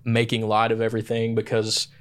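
A man's voice: fairly low pitch, monotone, a little fast, clean tone. Stammering casual male podcast host. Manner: stammering, self-restarting storyteller. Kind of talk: casual chat.

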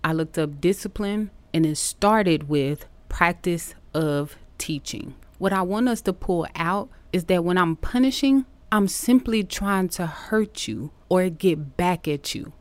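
A woman podcast host tells classroom stories in a casual, teacherly way. Her voice sits a little low, and it rises with energy whenever she acts out a quote. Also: unhurried, hardly any pauses, dry recording. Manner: animated storytelling, acting out quotes.

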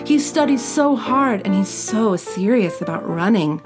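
A woman's voice: medium pitch, expressive, unhurried, over music, lightly acted. Woman reading as a scheming teen girl, sugary and polite, storybook reading. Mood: sweetly polite. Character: sweet-acting scheming teenage girl.

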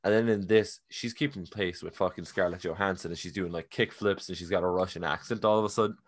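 A man's voice: deep voice, fairly even intonation, fast talker. A young man co-hosting a casual movie review chat, joking and swearing freely. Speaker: podcast co-host.

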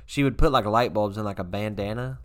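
A young man co-hosting a podcast in relaxed casual chat, chiming in and laughing along. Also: fairly low pitch, a little fast. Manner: laid-back, laughs along, chimes in with short reactions. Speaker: podcast co-host.

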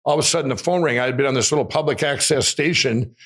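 A man, a guest in an interview, telling a long personal story in an animated way, with frequent restarts and acted-out quotes. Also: mid-range voice, quick pace, slightly rough. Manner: animated, restarts often, acts out quoted voices.

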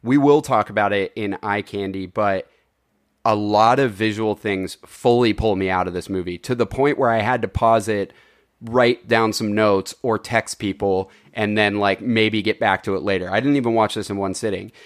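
A man's voice: on the low side, steady tone, moderate pace. A man co-hosting a casual film review podcast, rambling with lots of filler and swearing freely. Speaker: podcast co-host reviewing films. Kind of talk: casual chat.

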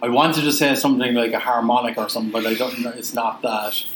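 A young British man co-hosting a podcast, easygoing and quick to laugh, often answering quietly. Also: mid-range voice, level tone, noisy background. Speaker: podcast co-host, quiz contestant. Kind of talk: casual banter. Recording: roomy sound with faint ambience.

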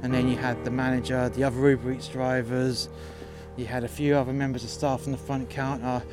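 A man's voice: mid-range voice, level tone, brisk. A man spins a rude, mocking yarn about his job, swearing freely and speaking in a mid-range voice. He sounds like he is outdoors in the freezing cold. Guitar music plays behind him. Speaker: podcast storyteller. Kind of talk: profane casual storytelling.

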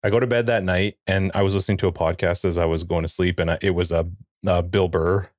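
A man in his forties with a low voice tells a family story on a podcast, acting out what everyone said. The sound is dry and close, with no room around it. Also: quick pace, dry recording. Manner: animated storyteller, acts out quotes. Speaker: podcast co-host. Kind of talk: casual chat.

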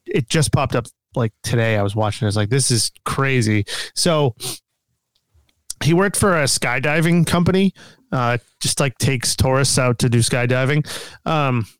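A man's voice: medium pitch, clear, resonant tone, no echo. A man co-hosting a casual podcast chat, rambling through stories with lots of fillers and laughs. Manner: rambling storyteller, filler-heavy, laughs often. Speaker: podcast co-host.

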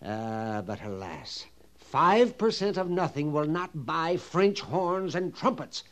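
A jittery frontier storekeeper in a vintage western drama, his fairly high voice leaping and sinking as he frets. He lingers over his words, leans into grand phrases and then hushes to a whisper. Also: sing-song, slow, exaggerated voice. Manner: fretful, theatrical, drops to whispers. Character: fussy nervous middle-aged male army-post storekeeper. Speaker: sutler running a fort canteen.

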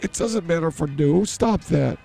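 A man's voice: on the high side, expressive, moderate pace, vocal fry, dark tone, soft background music. A man hosting a comedy podcast who blurts things out and mocks himself in improvised banter. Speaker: podcast host.

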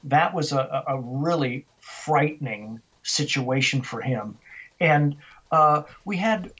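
A middle-aged man, an interview guest, telling a story in animated style and acting out the dialogue he quotes. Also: on the high side, takes it slowly, breathy edge. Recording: dull, lo-fi sound.

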